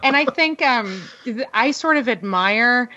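A woman co-hosting a casual movie podcast, animated and amused, stretching words for emphasis. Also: fairly high pitch, unhurried, crowd noise. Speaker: podcast co-host. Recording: slightly dull lo-fi audio.

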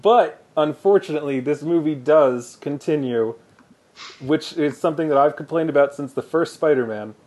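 A man co-hosting a casual movie podcast, speaking in a relaxed, wry way and laughing easily. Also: on the high side, normal speed. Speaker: podcast co-host.

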